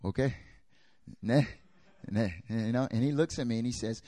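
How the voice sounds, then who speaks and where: A young adult man preaching a sermon, telling a personal story with lively, animated delivery and acting out the dialogue. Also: medium pitch, normal speed, pauses often, no room sound, studio quality. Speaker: pastor.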